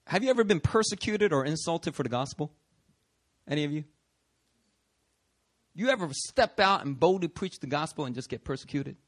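A man preaching a sermon, animated and conversational, acting out voices in his stories. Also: a little high, normal speed, pauses often. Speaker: pastor.

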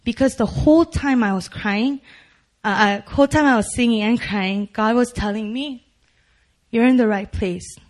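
A young woman reads her personal testimony aloud to a church congregation. Her voice sits a little high for a woman, and she speaks earnestly. Small nervous laughs slip in between her lines. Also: moderate pace. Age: young adult. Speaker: church member giving testimony.

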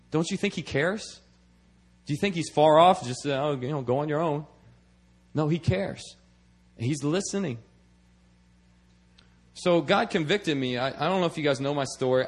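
A man preaching a sermon in a conversational way, often checking in with "okay?" and repeating words as he restarts. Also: fairly high pitch. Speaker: preacher and missionary.

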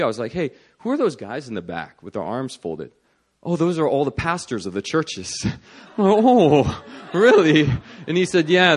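A man in the middle of a sermon, recounting a story in an animated way. His voice sits at an ordinary middle pitch, but it swings between soft, hushed lines and loud, laughing bursts. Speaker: preacher.

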